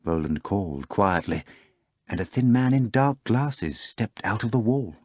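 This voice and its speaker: A man narrating an audiobook in a measured, even manner. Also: on the low side, no room sound, studio quality. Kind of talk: scripted narration.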